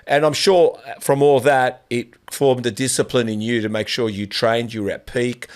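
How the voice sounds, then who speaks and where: A male podcast host, voice in a middle pitch. He talks in long, rambling turns, restarting sentences and pushing his own opinions. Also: steady tone, moderate pace. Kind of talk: casual conversational interview.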